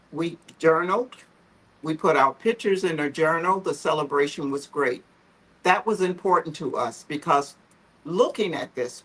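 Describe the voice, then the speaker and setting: A heartfelt woman speaks earnestly about her journey, her voice husky and a little breathy. She talks on a livestream video call, often close to tears. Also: low-pitched, rough recording. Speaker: founder of a photo therapy group, guest. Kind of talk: livestream conversation, personal story.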